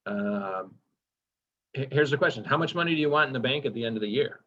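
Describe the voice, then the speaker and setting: A man's voice: mid-range voice, expressive, a little fast, bright, forceful tone, a little hiss or hum. Man instructor, casual workshop talk, upbeat and chatty, dull lo-fi recording. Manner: enthusiastic and chatty, asks the class questions. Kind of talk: casual training lecture.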